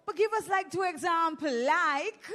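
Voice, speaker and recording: Speaking at a normal speed in a very high-pitched voice, a Jamaican event host works a handheld microphone. She playfully ribs the audience and leads prize games with lots of energy.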